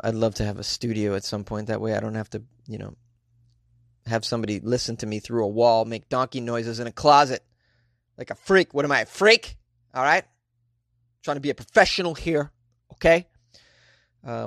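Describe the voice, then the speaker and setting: A man's voice: mid-range voice, gravelly, no echo, studio quality. A man hosting a comedy news podcast, rambling and joking in a playfully exasperated way, recorded in a small bedroom closet. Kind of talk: casual comedic monologue.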